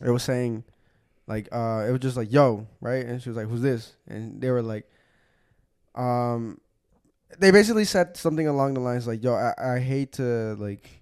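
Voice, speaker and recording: A man's voice: medium pitch, normal speed, darkish tone, smooth. A young man co-hosting a podcast in casual chat, laid-back and heavy on slang. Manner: laid-back slang, says bro a lot. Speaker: podcast co-host.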